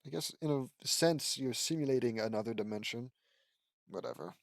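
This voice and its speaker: A man's voice: medium pitch, normal speed, dry recording. A man reading fan fiction aloud and sarcastically mocking it as he goes. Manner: sarcastic, laughs at the text. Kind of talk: mocking read-aloud with commentary.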